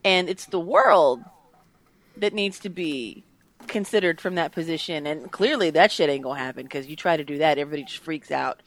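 A woman's voice: deep voice, fairly quick. A woman co-hosting a casual podcast discussion, blunt and frank, swearing freely. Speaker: podcast co-host.

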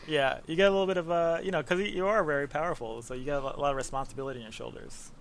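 In casual conversation as a podcast guest, a games writer from the Bronx, New York, speaks rapid-fire in a slightly high, steady, creaky voice. He rambles, laughing and using fillers, with slight background noise.

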